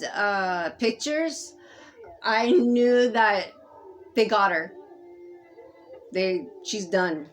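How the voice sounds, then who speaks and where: A woman talking to camera in an unscripted personal monologue, halting and rambling with many fillers and restarts, moving between soft murmuring and loud insistence. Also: mid-range voice, soft background music. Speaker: vlogger speaking to camera.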